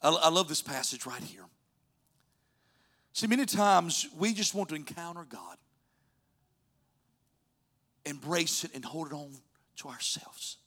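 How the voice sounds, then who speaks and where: A male pastor delivers a storytelling sermon, his voice sitting a little high for a man. He pushes up into loud, urgent pleas, then drops to soft, hushed asides. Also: expressive, a little slow, pauses often. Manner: storytelling preacher, swings from loud urging to soft near-whispers.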